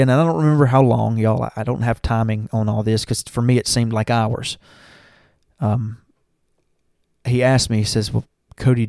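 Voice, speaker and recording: A man's voice: mid-range voice, gravelly, a little mellow, dry recording, studio quality. A young man, earnestly telling his church testimony and talking to listeners as y'all. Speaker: church member giving testimony. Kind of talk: personal testimony.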